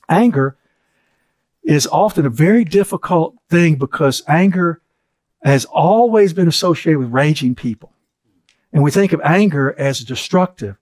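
Earnest man with a lively, swooping voice. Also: a little high, no room sound. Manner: earnest, repeats phrases for emphasis. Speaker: teacher. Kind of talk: teaching session.

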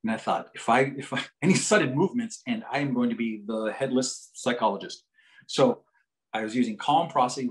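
A male psychologist giving a lecture. He tells a story in a joking, animated way. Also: mid-range voice, a little fast, rough recording.

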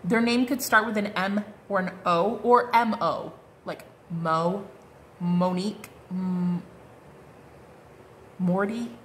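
A woman's voice: medium pitch, steady tone, slow, slight background noise. A woman giving a casual tarot card reading, chatty and bubbly, full of fillers and exclamations. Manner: chatty, bubbly, lots of "like" and "oh my God".

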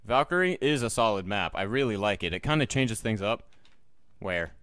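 A man's voice: fairly low pitch, animated, normal speed, fairly bright tone, smooth, dry recording. A young man talking casually over his own gameplay, joking and muttering to himself and his viewers, with sudden yelps. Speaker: gaming YouTuber. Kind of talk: live gameplay commentary.

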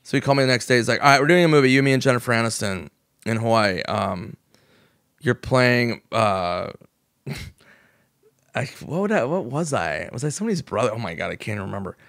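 A man's voice: mid-range voice, lively intonation, brisk, creaky, a bit bright, dry recording. Man, 40s, from the US, comedian guest, casual storytelling, swears a lot, acts out quotes, dry close sound. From United States. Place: podcast studio.

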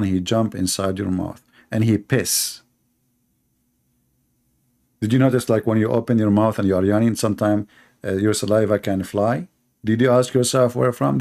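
A man's voice: lowish voice, vocal fry, a little mellow. A man with an Arabic accent and Arabic as his first language, delivering a sarcastic, mocking monologue as a commentator, in broken grammar with repeated words. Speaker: Christian apologist commentator.

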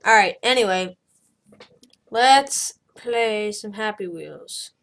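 A woman giving casual let's-play commentary, excitable, crying out loudly at every mishap and then muttering quietly. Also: mid-range voice, slow pace. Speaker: gameplay commentator.

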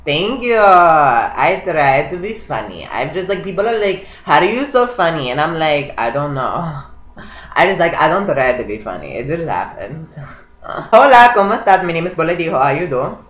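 A man's voice: a little high, big pitch swings, normal speed, a bit bright, slight background noise. Guy putting on a goofy broken-english character, spanish greetings, echoey room. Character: flamboyant man playing a broken-English character. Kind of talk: comedy character skit on video chat.

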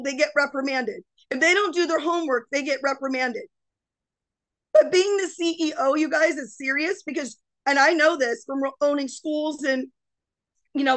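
Woman, middle-aged, high-pitched, mindset coach, fervent, preachy motivational speech. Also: fairly bright tone. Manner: fervent, preachy, addresses the audience directly. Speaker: mindset coach and guest speaker. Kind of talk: motivational webinar talk.

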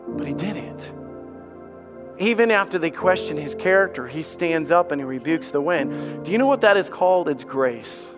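Speaking at normal speed over music, an animated male pastor preaches with real fervor. He stutters through repeated words and impersonates skeptics, his pitch lifting as he voices them.

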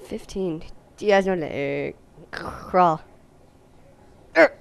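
A young woman giving goofy, jokey gameplay commentary, now and then breaking into silly high-pitched voices. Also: slow, creaky. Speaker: let's play host.

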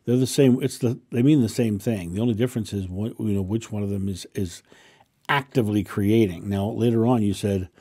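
Man, spiritual teacher, husky voice, lowish pitch, calm explanatory monologue. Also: a little fast. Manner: calm, explanatory, repeats affirmations. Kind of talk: answering a viewer question, casual monologue.

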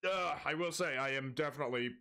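A man's voice: fairly high pitch, creaky, sharp tone, clear, resonant tone. A young man streaming a game, chatting casually, rambling and laughing often, joking at his own expense, wired on an energy drink.

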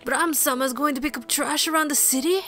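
A let's play streamer, a woman with a slightly high voice, talks fast while reading game dialogue aloud in the characters' voices. Between lines she slips into quiet, playful asides and mutters, with soft game music running beneath.

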